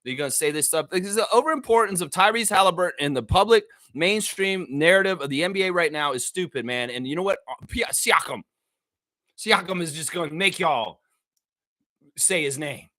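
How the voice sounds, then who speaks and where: High, bright man ranting. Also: animated, fairly quick. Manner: heated, profane, ranting, often shouting. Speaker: sports show host. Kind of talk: casual fan rant.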